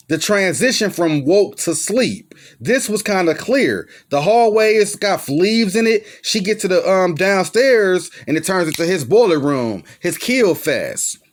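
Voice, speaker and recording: A young man talks through a horror film's plot in a loose, slangy way and swears freely. His voice sits high, and he jumps into the characters' lines as he goes. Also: big pitch swings, measured pace. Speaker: movie reviewer. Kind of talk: casual plot recap.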